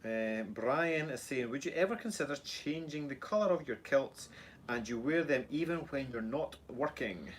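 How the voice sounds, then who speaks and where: A man's voice: mid-range voice, expressive, normal speed, a little hiss or hum. A man with a Scottish accent co-hosting a casual live stream, joking around and reading viewer comments aloud. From Scotland. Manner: jokey, rambling, reads viewer comments aloud. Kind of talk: casual chat.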